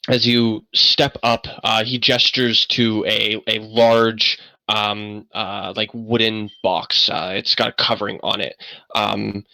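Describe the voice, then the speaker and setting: A man narrating a tabletop game as game master, halting and full of fillers. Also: on the low side, level tone, pushed and bright, dry recording, rough recording. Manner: many fillers, halting, stop-start narration.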